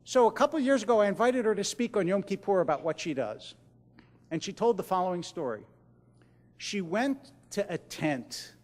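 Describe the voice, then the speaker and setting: A middle-aged man, a rabbi, telling stories in a speech to a large audience, pausing for effect and dropping to a hush on the key lines. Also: a little high, in a large hall. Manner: dramatic pauses, drops to a hush at key lines. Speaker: rabbi giving a keynote speech. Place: large event hall.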